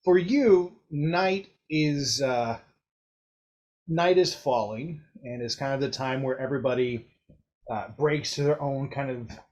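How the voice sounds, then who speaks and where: A man's voice: medium pitch, takes it slowly, a little mellow, muffled recording. A man narrating a tabletop game as game master, chatty and descriptive, with fillers and light laughter between lines.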